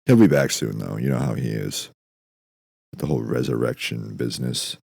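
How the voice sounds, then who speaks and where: A man hosting a podcast, delivering a dry, deadpan, profane comedic monologue. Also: a bass voice, moderate pace, vocal fry, slightly rough, no echo. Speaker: podcast host.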